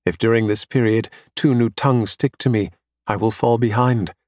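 A man reading a science fiction audiobook in a measured, even storytelling manner. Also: on the low side, dry recording, studio quality. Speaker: narrator. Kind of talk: scripted audiobook narration.

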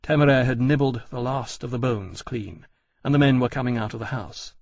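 Guy narrating an audiobook, steady and measured, kinda husky, dry sound. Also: mid-range voice, dry recording. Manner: even, measured reading. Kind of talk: scripted narration.

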